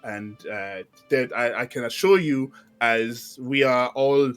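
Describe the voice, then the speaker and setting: A man's voice: medium pitch, slow, a bit bright, clean tone, soft background music. A man roleplaying as a player, stammering and repeating words in nervous rambles. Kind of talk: in-character roleplay.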